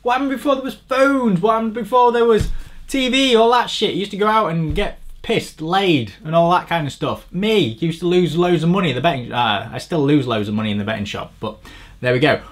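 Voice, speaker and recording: Sweary man with a lively voice. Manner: swearing, rambling, sardonic, pitch jumps up when ranting. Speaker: bike frame reviewer. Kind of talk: crude comedic tech review.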